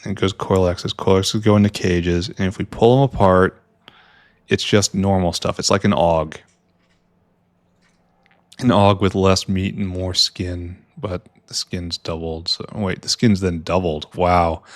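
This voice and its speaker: This gameplay streamer's low voice is unhurried with fairly even intonation, and there's no echo. In casual let's-play commentary, he rambles wryly as he plays a video game, often talking to himself and trailing off into mutters.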